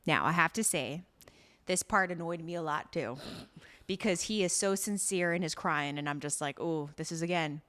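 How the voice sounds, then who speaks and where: A woman co-hosting a podcast in casual chat, recapping scenes as a lively storyteller with exasperation. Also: on the low side, normal speed. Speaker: podcast co-host.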